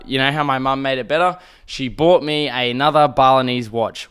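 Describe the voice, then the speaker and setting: A young Australian man tells a story on his own podcast, wandering off track and swearing freely as he goes. His voice is smooth and clear. He acts out the other people in the story as he tells it. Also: mid-range voice, fairly bright tone. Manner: rambling, swears often, acts out quotes. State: throat irritated by smoke. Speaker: podcast host. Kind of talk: casual storytelling monologue.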